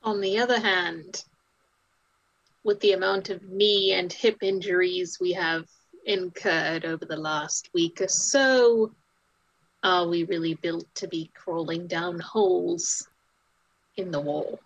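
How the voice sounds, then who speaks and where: Woman player, talks real slow and deadpan, lowish voice, muffled lo-fi mic. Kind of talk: tabletop role-play banter. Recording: dull, lo-fi mic.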